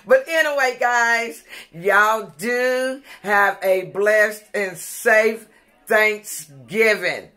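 A woman's voice: medium pitch, extremely slow. A woman hosting her own channel, speaking casually and with emotion to her viewers, near tears. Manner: warm, churchy greetings, blessing viewers. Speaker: cooking channel host.

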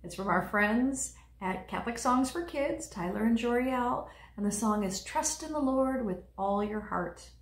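Gentle woman coaching children, roomy echo. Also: on the high side, lively intonation, a little slow, few pauses. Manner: gentle, encouraging, speaks directly to children. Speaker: children's liturgy leader. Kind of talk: teaching young children.

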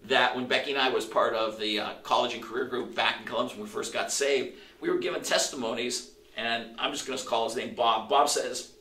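A middle-aged male pastor preaching a sermon, telling stories in an animated way, acting out the quotes and often restarting his phrases. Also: medium pitch, a little fast. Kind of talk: sermon storytelling. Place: church sanctuary. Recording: roomy echo, voice from a distance.

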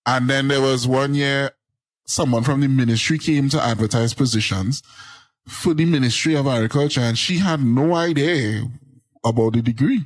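A man from Trinidad talks as a guest on an interview podcast. His voice is a steady, slightly drony mid pitch, and he explains things at length. The sound is dry and close to the mic, with no room echo. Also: moderate pace. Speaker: guest, agricultural journalist. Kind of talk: casual interview.

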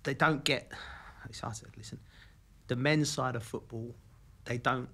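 A man's voice: mid-range voice, unhurried. A man with a London accent, a former footballer co-hosting a podcast, telling stories in casual chat and acting out the voices of the people he quotes. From England. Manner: animated, acts out quoted voices.

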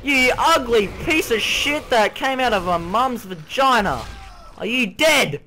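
This man's voice sits high and moves at a measured pace, with slight noise in the background. He's a gaming video creator doing loose, excitable let's play commentary on a horror game, cursing, yelping and shouting when scared, and humming or singing along as he goes.

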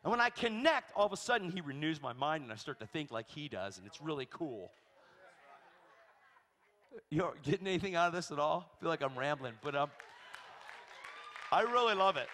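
A man from Pennsylvania preaches in a church sanctuary, his voice set a little high and leaping all over in pitch. He tells his stories with sudden loud bursts that drop to hushed asides. A long reverb trails every phrase. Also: expressive, moderate pace, pauses often, a faint crowd. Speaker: guest preacher. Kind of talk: storytelling sermon.

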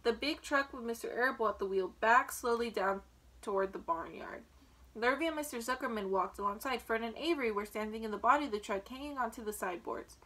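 A woman reading a children's book aloud in a clear, steady storytelling manner. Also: on the high side, a little fast. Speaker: storybook reader.

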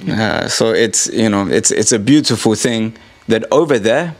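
A man's voice: on the low side, lively intonation, normal speed, vocal fry. A man hosting a casual chat, speaking in a reflective, earnest way about culture.

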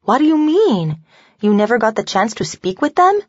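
A woman's voice: medium pitch, very animated, a little fast, no echo, voice pushed up. A woman narrator voicing a playful, affectionate young woman in an audiobook, with a light teasing delivery. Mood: caring. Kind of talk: audiobook dialogue. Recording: dull lo-fi dry recording.

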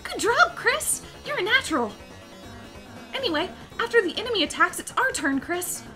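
A woman voicing a shy, gentle young male goat-like creature, reading his lines in a sweet, hesitant, encouraging way. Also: very high-pitched, sing-song, moderate pace, soft background music, full character voice. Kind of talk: reading game dialogue aloud.

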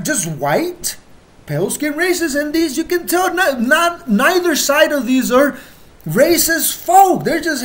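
High-pitched, heated, profane ranter. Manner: heated, profane, swings between loud outbursts and slow emphatic stresses. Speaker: channel host. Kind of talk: emotional monologue to viewers.

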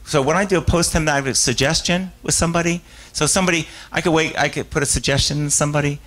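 A man's voice: fairly high pitch, fairly even intonation, fast, a bit bright, rough recording. Rambling, self-interrupting male hypnotist speaker. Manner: rambling, self-interrupting storyteller with frequent restarts and laughs; acts out quoted voices in his stories. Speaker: author giving a keynote talk; stage hypnotist. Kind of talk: live talk with audience questions.

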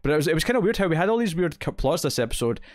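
A man's voice: fairly high pitch, big pitch swings, racing, no echo. Rambling man reviewing TV, dry mic. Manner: rambling, lots of fillers and quoted asides. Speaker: podcast co-host. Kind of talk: casual TV review chat.

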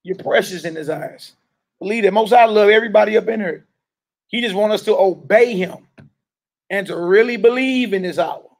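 Pitched high and moving at a moderate pace, a male preacher addresses a gathered room. His street-style sermon runs on call and response, and he emphatically urges and questions the listeners directly.

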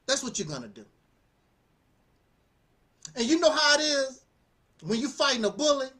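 A man giving casual spoken commentary as a channel host, animated and preachy, often laughing and repeating phrases. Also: very high voice, moderate pace.

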